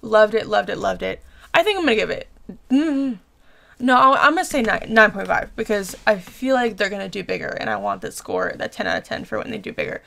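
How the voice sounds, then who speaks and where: A young woman in her twenties, hosting a reaction video and recapping and reviewing an episode in chatty, animated fashion with plenty of "like". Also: medium pitch, fast, few pauses. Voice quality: gravelly vocal fry. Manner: chatty, animated, filler-heavy with frequent "like".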